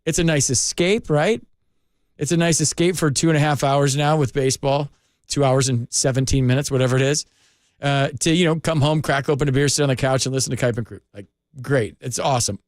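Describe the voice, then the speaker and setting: A man's voice: medium pitch, fairly quick, no echo. A man hosting a late-night sports call-in radio show, talking in an earnest, rambling, heartfelt way from a studio microphone.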